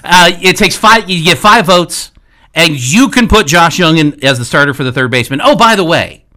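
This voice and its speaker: Bright-voiced male radio host. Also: a little high, lively intonation, moderate pace. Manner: emphatic, persuasive, playful. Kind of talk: casual sports radio banter.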